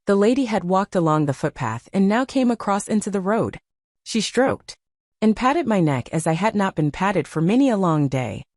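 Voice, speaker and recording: A woman narrating an audiobook in a measured storytelling manner. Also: mid-range voice, very animated, a little mellow, no room sound, studio quality. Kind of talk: scripted narration.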